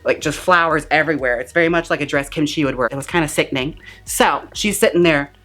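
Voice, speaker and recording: A woman with a low voice recaps a movie in a campy, sassy way. Her talk is full of slang, and she jumps into the characters' lines as she tells the story. Faint music plays underneath. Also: fast, fairly bright tone. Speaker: movie reviewer.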